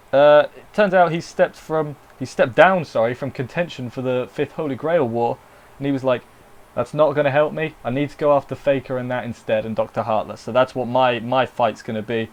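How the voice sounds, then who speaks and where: A man's voice: medium pitch, normal speed, darkish tone, lo-fi sound. A man giving a casual, rambling anime episode review. He corrects himself often and mock-quotes the characters.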